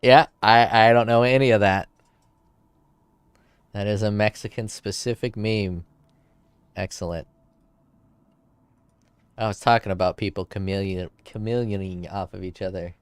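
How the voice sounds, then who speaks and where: A man's voice: on the low side, steady tone, measured pace, pauses often, clean tone, no echo. A man streaming a game, chatting casually and rambling through crude jokes.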